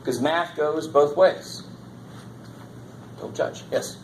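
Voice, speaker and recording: A man's voice: fairly high pitch, takes it slowly, slight background noise, rough recording. A man teaching a college math class in a lecture, casual and jokey, swearing now and then. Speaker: math instructor.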